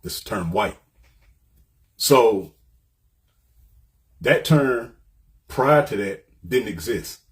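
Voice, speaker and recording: Low-voiced man giving an informal lecture. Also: lively intonation, very slow, long pauses. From United States. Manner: explains with frequent "right?" checks. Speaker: commentator.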